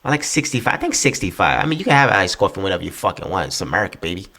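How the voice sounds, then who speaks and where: Profane rambling podcast host, gravelly voice. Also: male voice, low-pitched, very animated, rapid-fire, bright, forceful tone. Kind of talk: casual solo rant.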